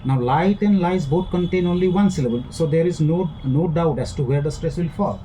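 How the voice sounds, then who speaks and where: Male teacher lecturing in a mellow voice. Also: on the high side, a little hiss or hum, poor audio. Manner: explains slowly with many fillers and restarts. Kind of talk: recorded lecture.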